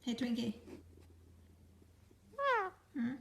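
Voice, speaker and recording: Woman, playful pet talk, teasing questions, slightly high, unhurried, echoey room, background noise. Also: level tone, vocal fry. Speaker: pet owner.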